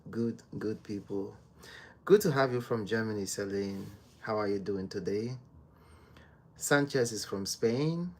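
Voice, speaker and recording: Slow, soft-spoken man chatting on a livestream. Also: on the low side, a little hiss or hum. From Nigeria. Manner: soft-spoken, slow and unhurried, greets viewers by name. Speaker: livestream host. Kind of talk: casual live-stream chat with viewers. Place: home.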